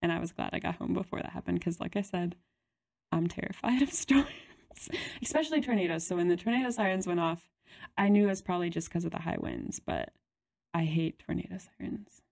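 Gravelly-voiced young woman telling a story. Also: lowish voice, a little fast, darkish tone. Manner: chatty, lots of "like" and giggles. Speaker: podcast co-host. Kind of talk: casual storytelling chat.

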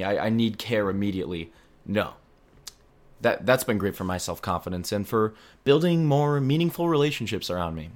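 A young man in his twenties hosting a comedy podcast, delivering a scripted monologue with deadpan, self-deprecating humor. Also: lowish voice. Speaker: podcast host.

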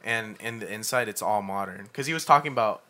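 A man's voice: fairly low pitch, fast talker. A young man co-hosting a casual podcast, telling stories with lots of swearing and laughter. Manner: animated storytelling, swearing and laughing. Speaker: podcast co-host. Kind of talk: casual chat.

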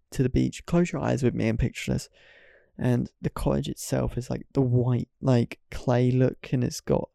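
Young man, solo podcast host, gravelly and rambling, lots of fillers. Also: mid-range voice, warm tone, no room sound, studio quality. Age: young adult.

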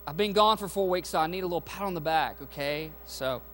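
High-voiced man preaching a sermon. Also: brisk, a bit bright. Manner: emphatic preaching with call-and-response asides. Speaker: pastor. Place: church sanctuary. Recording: faint music and mains hum behind.

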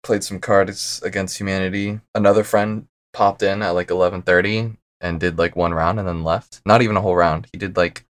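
A man's voice: low voice, steady tone, a little fast, hardly any pauses, a bit bright. A young man chatting casually as a podcast guest, laid-back and a bit mumbly, laughing often. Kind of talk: casual chat.

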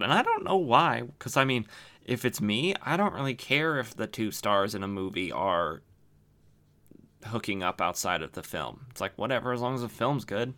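A man's voice: on the low side, animated, normal speed, pushed and bright. A man hosting a podcast who recaps old comic books casually, rambling with lots of fillers. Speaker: podcast host.

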